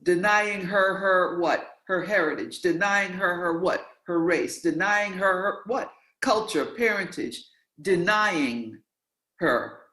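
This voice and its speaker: Animated host in an echoey room. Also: medium pitch, slow pace. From New York, USA. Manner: animated, emphatic storyteller, repeats words. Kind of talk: interview, conversational. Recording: roomy, echoey sound.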